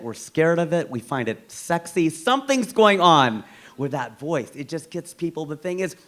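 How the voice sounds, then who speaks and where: A man from the United States doing a stand-up comedy set, with an animated, incredulous punchline delivery. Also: a little high.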